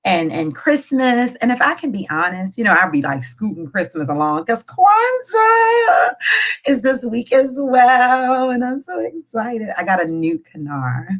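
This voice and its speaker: A woman co-hosting an educational podcast, chatting casually and telling a long joke with animated storytelling. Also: fairly high pitch, unhurried, poor audio. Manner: animated storyteller, voices quoted characters. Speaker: co-host.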